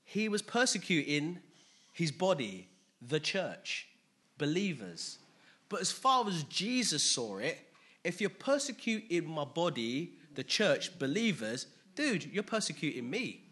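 A man preaching a sermon, emphatic and animated, asking his listeners rhetorical questions. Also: fairly high pitch, measured pace, slightly rough.

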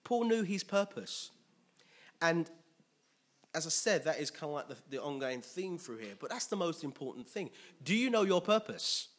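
A man preaching a sermon with animated, emphatic delivery and call-and-response. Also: on the high side, moderate pace.

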